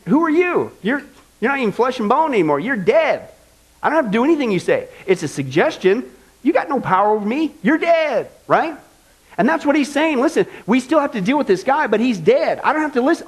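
Folksy pastor guy, high voice, repeats stuff for emphasis. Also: very animated, fairly quick, breathy edge. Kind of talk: sermon.

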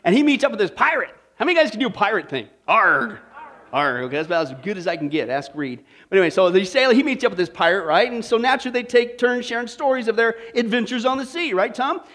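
A man preaching a sermon, joking with the congregation by name and slowing down to stress key points. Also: very high-pitched, lively intonation, a bit bright. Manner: emphatic, slows on key points. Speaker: pastor.

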